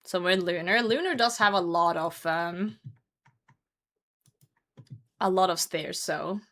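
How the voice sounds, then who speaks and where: A woman's voice: on the low side, unhurried, fairly bright tone. A young woman streaming from her computer at home, chatting casually with her viewers and laughing often as she hosts a hide-and-seek game. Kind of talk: casual live-stream chat.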